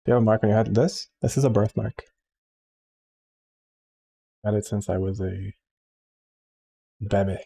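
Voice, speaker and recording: A man's voice: fairly low pitch, fairly even intonation, normal speed, gravelly, pauses often, dark tone, a little hiss or hum. A man hosting a live drawing stream, chatting casually and telling a rambling story full of fillers and restarts. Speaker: livestream host. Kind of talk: casual chat while drawing.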